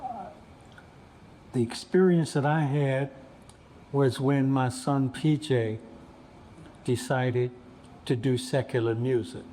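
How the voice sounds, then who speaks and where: A man in his seventies, a bishop on a panel, telling a story in an unhurried, reflective way. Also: medium pitch, dark tone, a little hiss or hum. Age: 70s. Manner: unhurried, reflective, acts out quoted voices.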